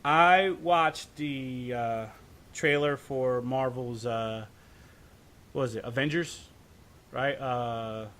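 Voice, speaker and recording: A man co-hosting a casual podcast speaks slowly in a medium-pitched, fairly bright voice. His talk is a loose, profane ramble peppered with "right?" check-ins and stumbling restarts.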